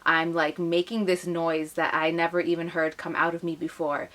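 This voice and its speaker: A woman's voice: fairly low pitch, flat delivery, normal speed, a bit bright. Emotional young woman telling a story. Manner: emotional, retelling with acted quotes. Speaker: vlogger. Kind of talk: personal storytelling to camera.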